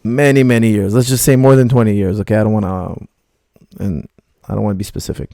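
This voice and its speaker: A man's voice: fairly low pitch, fairly even intonation, quick pace, creaky, warm tone, no echo, clean studio sound. A middle-aged man, a martial arts coach, bluntly rambling through viewer questions on a live stream.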